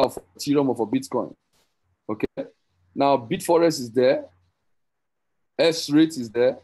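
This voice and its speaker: A man giving an excited, rambling sales pitch on an online call, repeating and correcting himself as he goes. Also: poor audio. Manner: rambling, repetitive, self-correcting, teasing. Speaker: crypto promoter hosting a group call.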